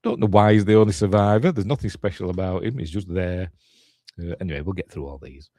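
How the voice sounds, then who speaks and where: A man's voice: sits low, fast talker, mellow, no room sound. A man with a Yorkshire accent giving a rambling, chatty running commentary over a film as host, full of loose asides and chuckles. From Yorkshire, England.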